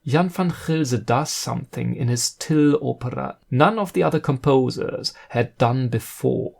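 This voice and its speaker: A man's voice: medium pitch, a little slow, vocal fry, a little mellow. A man giving an earnest, admiring scripted narration about opera. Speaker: video essayist.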